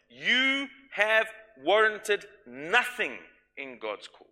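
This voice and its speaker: A middle-aged male pastor preaching a sermon emphatically, dropping to soft, intimate tones at times. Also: a little high, moderate pace.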